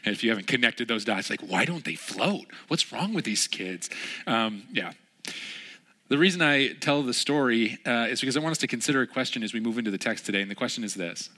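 A bright, forceful young man delivers a sermon as a pastor. He tells a story with animated energy and pops into high, excited voices for the people in it. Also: fairly quick.

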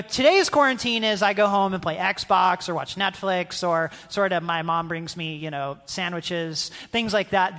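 A man's voice: high voice, pushed and bright. A young man from the South, giving a casual, conversational sermon as a guest speaker, keeps checking in with "right?" and acting out quotes. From North Carolina, American South. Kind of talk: youth sermon. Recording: long hall reverb.

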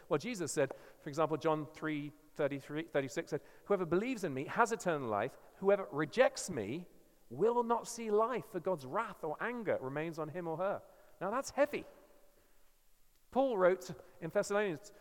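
A man with an English accent preaches earnestly, pressing each point hard and often stumbling over his starts. His voice sits high for a man. Long reverb from the church hall trails behind every phrase. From England. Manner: earnest and emphatic, with frequent restarts. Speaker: guest preacher. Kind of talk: sermon.

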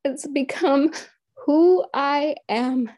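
A woman in her thirties recounts her story in an earnest, heartfelt way. Her voice is mellow and warm, and the recording sounds close and dry. She often quotes her own prayers and thoughts. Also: high-pitched, drawn-out words, dry recording. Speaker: guest sharing a personal story. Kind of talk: emotional personal storytelling.

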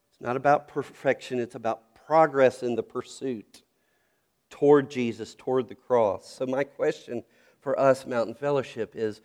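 A man's voice: mid-range voice, a little mellow. A middle-aged man from North Carolina, a pastor preaching a sermon with storytelling and earnest questions.

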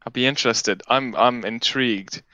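A man's voice: mid-range voice, moderate pace, sharp tone. A man co-hosting a casual podcast, trading playful, joking banter. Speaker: podcast co-host. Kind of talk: casual chat.

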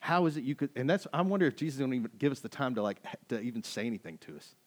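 Emphatic male preacher, mid-pitched. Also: sing-song, racing. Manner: emphatic, conversational preaching with rhetorical questions. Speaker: pastor. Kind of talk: sermon.

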